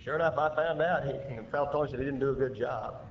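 A man preaching a sermon, swinging between loud emphatic rises and quiet drops, recorded lo-fi in an echoey church with faint hiss. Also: mid-range voice, fast. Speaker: pastor.

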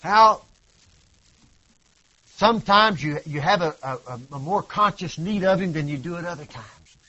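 Impassioned high-voiced preacher man. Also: lively intonation, unhurried. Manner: impassioned, swinging from loud cries to hushed tones; rhetorical questions and repetition. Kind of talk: sermon. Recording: dull lo-fi recording.

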